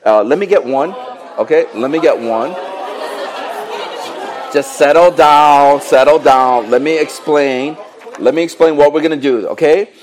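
A middle-aged man preaching a sermon in a lively, joking way with playful asides to the congregation. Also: on the high side, moderate pace, a faint crowd, slight background noise. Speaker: pastor.

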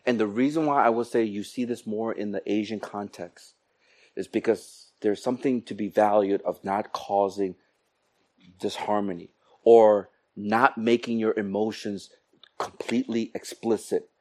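A man preaching a sermon to his congregation, animated, acting out quoted exchanges with comic voices. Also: fairly low pitch, unhurried. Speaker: pastor.

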